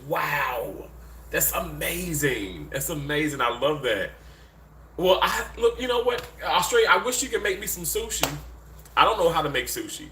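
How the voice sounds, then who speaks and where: A man's voice: fairly high pitch, sharp tone, roomy sound, slight background noise. A man from Mississippi with a Southern accent, chatting casually on a live stream from a hotel room, rambling with lots of fillers. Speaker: livestream host. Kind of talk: casual live-stream chat reading viewer comments.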